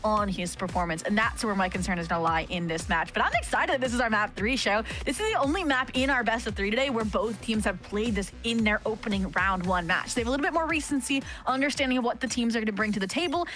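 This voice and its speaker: Animated woman esports analyst. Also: on the high side, fast talker, few pauses, soft background music. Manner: animated analysis with many "like" and "right?" fillers. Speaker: esports caster. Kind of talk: esports color commentary.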